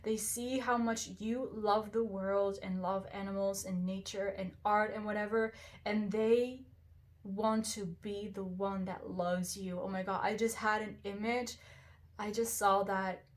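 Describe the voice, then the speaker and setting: A woman's voice: medium pitch, level tone, unhurried. A woman hosting a pick-a-card tarot reading, talking straight to the viewer in an effusive, reassuring way and often exclaiming over the cards. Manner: warm, reassuring address to the viewer. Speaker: tarot reader, channel host.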